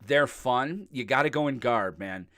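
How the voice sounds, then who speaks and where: Animated, joking man. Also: mid-range voice, a little slow, dry recording, studio quality. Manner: jokey, rambling, laughs often. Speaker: podcast co-host. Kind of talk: casual chat.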